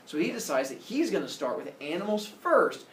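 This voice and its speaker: Animated teacher man telling a myth. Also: sits high, moderate pace, noisy background. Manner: jokey, animated, teasing the students. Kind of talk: animated storytelling to a class. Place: classroom. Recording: echoey classroom.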